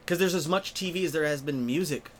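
A man's voice: fairly high pitch, fast talker, slight background noise. A man talking as a guest in a casual podcast conversation, telling stories and acting out the quotes. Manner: animated storyteller who acts out quotes.

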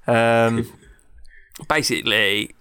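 A man's voice: medium pitch, little pitch movement, drawn-out words, sharp tone, clear, resonant tone, dry recording. A man, hosting a casual chat and telling a story in a rambling way, full of fillers. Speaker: podcast co-host.

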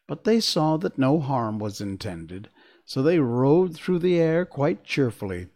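A man reading a children's storybook aloud, slow and expressive. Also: mid-range voice.

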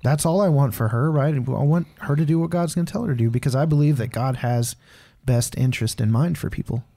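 Man, podcast co-host, mellow tone, rambling, candid, casual fillers. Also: mid-range voice, fairly quick. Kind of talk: casual faith conversation.

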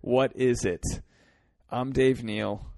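A man hosting a solo podcast from his parked car, ranting earnestly with lots of swearing, swinging between fired-up pleas and quieter reflection. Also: medium pitch, fairly even intonation, slow, gravelly. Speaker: podcast host.

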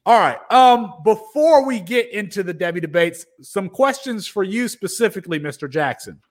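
A man's voice: high-pitched, animated, moderate pace. A man co-hosting a fantasy football podcast, arguing a case in mock-formal style and then chatting casually. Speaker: podcast co-host. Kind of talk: casual sports podcast chat with mock courtroom bits.

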